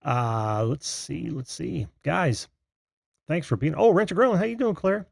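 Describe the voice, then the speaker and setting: A man with a gravelly, husky voice hosts a live video call-in show. His pitch moves a lot as he chats, full of fillers and friendly shout-outs. The sound is dry and close over a video call. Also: animated, measured pace, no echo. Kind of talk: casual live-stream chat.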